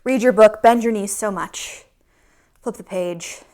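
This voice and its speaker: With a mid-range voice that runs a little slow, a Michigan yoga teacher addresses small children. She comes across as playful and full of energy.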